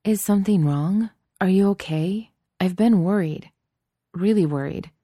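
A woman's voice: mid-range voice, unhurried, mellow, no echo, studio quality, pitched above the performer's own voice, lightly acted. A woman voicing a worried, exasperated teenage girl who talks bluntly and swears.

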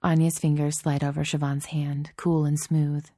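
Woman narrator, low mellow voice, steady audiobook delivery, dry close recording. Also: normal speed, dry recording.

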